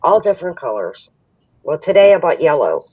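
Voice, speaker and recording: A woman's voice: deep voice, sing-song, normal speed, dark tone, husky, dry recording, far from the mic, rough recording. A woman chatting casually on a video call, telling a story with frequent laughter and acting out the other people in it. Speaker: host.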